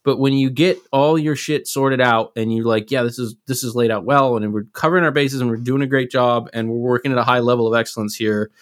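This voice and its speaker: A man's voice: mid-range voice, brisk, few pauses, dry recording, clean studio sound. A man co-hosting a casual podcast, talking in an earnest, reflective way with some loose swearing. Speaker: podcast co-host, live sound engineer. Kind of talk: casual chat.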